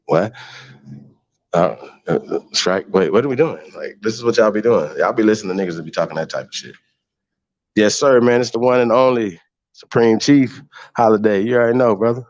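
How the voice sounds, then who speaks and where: Low-voiced guy ranting on his stream, cussing and laughing, dull dry lo-fi sound. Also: brisk, darkish tone, no echo. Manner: profane, mocking, laughs often. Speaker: host. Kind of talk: casual livestream rant.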